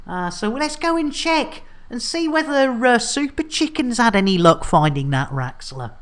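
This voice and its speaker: A woman chatting casually to her viewers on a live game stream, animated and chatty with lots of fillers. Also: on the high side, normal speed, hardly any pauses. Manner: animated, chatty, full of fillers and thank-yous.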